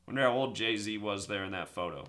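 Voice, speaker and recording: A man hosting his own video, talking casually and rambling, repeating numbers and speeding up, then slowing down to stress a point. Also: lowish voice, bright, forceful tone. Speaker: video host. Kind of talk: casual monologue to camera.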